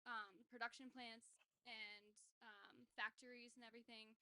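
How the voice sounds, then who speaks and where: A woman's voice: a little high, little pitch movement, a little slow, sharp tone, clear, resonant tone, dry recording. A young adult woman, a kinesiology doctoral student, chatting eagerly as a podcast guest and filling her talk with "like". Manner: chatty and enthusiastic, many "like"s. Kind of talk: casual podcast interview.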